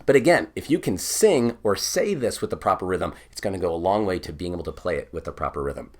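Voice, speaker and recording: Low-voiced man teaching bagpipe counting. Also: animated, fast talker, slight background noise. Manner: patient, explains step by step, sings counts aloud. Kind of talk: online music lesson.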